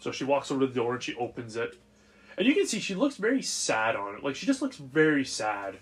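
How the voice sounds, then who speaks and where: A man narrating as game master of a tabletop role-playing game in a casual, animated way. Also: medium pitch, a little fast, breathy edge. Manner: casual, animated scene-setting.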